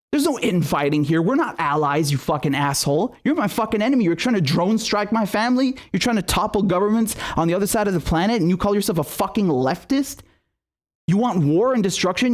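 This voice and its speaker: Furious, profane man with a high voice. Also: darkish tone. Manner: profane, angry, repeats himself. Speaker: political commentary host. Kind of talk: livestream reading super chats, ranting.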